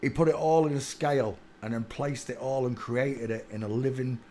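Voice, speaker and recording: A man's voice: medium pitch, steady tone, moderate pace, mellow, a little hiss or hum. A man delivering an insistent, preachy ranting monologue to his channel. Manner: preachy, insistent, with filler hesitations. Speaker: channel host.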